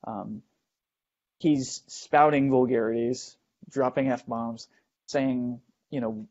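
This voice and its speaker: A man hosting a show, telling a first-person ghost story in a halting way, with many fillers and restarts as he builds suspense, in a dull lo-fi recording. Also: medium pitch, fairly even intonation, darkish tone. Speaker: host.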